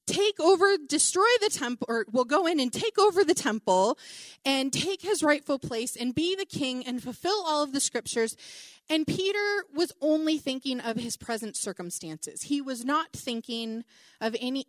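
A middle-aged woman preaching a conversational Bible teaching, animated and chatty, with many asides and "like"s. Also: sits high, dry recording, studio quality.

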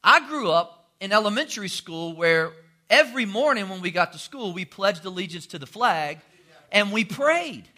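A man's voice: high voice, lively intonation, moderate pace, sharp tone. A man, preaching a sermon as a pastor in a folksy, joking storytelling way. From North Carolina. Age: 40s.

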